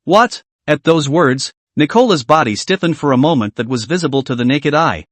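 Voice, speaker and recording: A man narrating a comic story recap in an animated storytelling manner. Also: mid-range voice, fairly quick, no echo.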